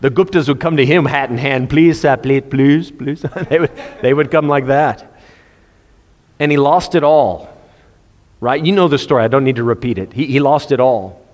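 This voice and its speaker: Preacher in a reverberant hall. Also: male voice, mid-range voice, moderate pace. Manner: conversational preaching, quotes scripture in King James wording. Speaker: pastor. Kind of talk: sermon.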